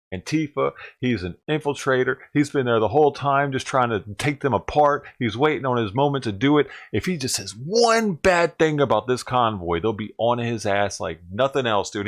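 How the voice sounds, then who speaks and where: Sarcastic, profane man ranting on a livestream. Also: medium pitch.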